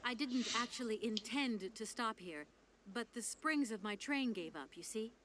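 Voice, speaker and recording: Woman voicing Kate Walker, calm lawyer. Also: a little high, moderate pace, noisy background, close to an everyday voice. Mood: patient. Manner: patient, explaining. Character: composed female American lawyer, traveling. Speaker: game character. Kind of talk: video game dialogue.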